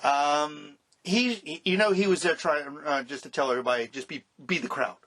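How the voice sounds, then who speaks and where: A man's voice: on the high side, moderate pace, a bit bright. Blunt, cussing podcast man. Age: middle-aged. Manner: blunt and profane, with filler words. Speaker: podcast co-host. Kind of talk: casual chat.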